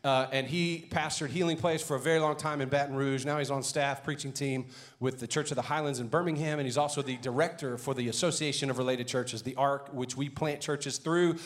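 A man's voice: medium pitch, fairly even intonation, a little fast. Cajun male pastor, upbeat announcements voice, rallying the room. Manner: loud, rallying the congregation. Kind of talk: energetic church announcements.

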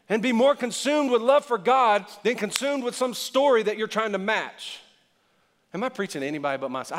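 A man preaching a sermon in a conversational way, dropping low and quiet, then rising loud and emphatic. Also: long reverb tail. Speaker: pastor.

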